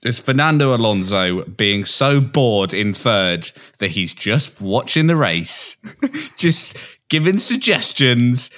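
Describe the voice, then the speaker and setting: A man's voice: medium pitch, very animated, slow, fairly bright tone. A man co-hosting a casual sports podcast, talking in a jokey, chatty way. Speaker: podcast co-host. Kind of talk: casual chat.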